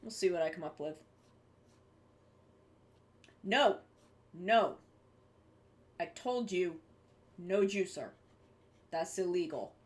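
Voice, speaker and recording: A woman's voice: lowish voice, slow, pauses often. A young woman streaming live, chatting casually with her viewers while she draws, rambling and swearing offhandedly.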